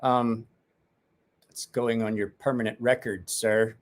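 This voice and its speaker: A man's voice: mid-range voice, little pitch movement, slow. A man casually chatting with viewers on a livestream, joking, rambling and swearing freely. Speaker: livestream host.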